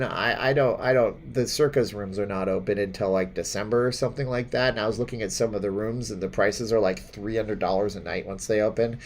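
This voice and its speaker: A man's voice: fairly low pitch, fairly even intonation, fairly quick, few pauses, a little mellow. A man hosting a casual live stream, reading viewer comments aloud and rambling with many fillers, chuckles and restarts. His voice sounds a little stuffy from allergies. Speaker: host of a live chat stream.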